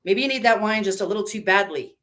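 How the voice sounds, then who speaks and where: A woman reading a live story, voicing a judgmental woman in a checkout line with brisk, condescending talk. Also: medium pitch, expressive, fairly bright tone, natural voice.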